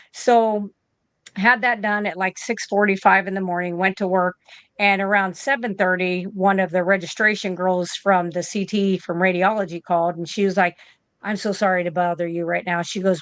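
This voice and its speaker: A woman's voice: mid-range voice, steady tone, moderate pace, fairly bright tone, no echo. A woman in her fifties, an interview guest and nurse from the United States, telling a story in a casual way and acting out both sides of each conversation.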